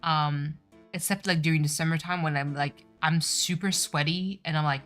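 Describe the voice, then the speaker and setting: A woman streamer chatting casually on her game stream, rambling with plenty of um and like. Her voice sits on the low side for a woman. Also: steady tone, moderate pace, fairly bright tone, soft background music. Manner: rambling, filler-heavy.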